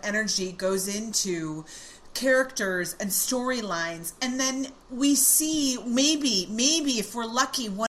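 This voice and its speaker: A woman's voice: a little high, slow pace, a bit bright. A woman podcast host speaking earnestly in casual chat. She is reflective and swears casually.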